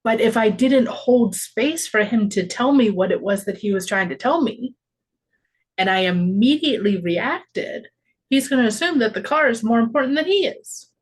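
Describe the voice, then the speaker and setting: This podcast co-host is a woman in her forties whose voice sits on the high side, animated and slightly rough, at a normal speed. In a casual, reflective chat she talks about parenting and laughs a lot.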